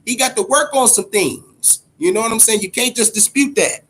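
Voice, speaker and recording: A man hosting casual, profane boxing commentary, animated and repeating himself as he talks to his audience. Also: sits high, normal speed, slightly rough.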